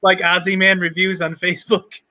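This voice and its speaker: A man's voice: high voice, flat delivery, a little fast, sharp tone, dry recording, highs cut off. A man co-hosting a podcast in casual chat, teasing the host and reading chat comments aloud.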